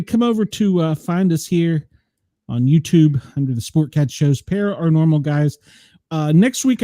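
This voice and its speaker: Middle-aged male podcast host from the US South, high and lively voice, chatty storyteller who laughs often, dry mic. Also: dry recording. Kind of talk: casual chat.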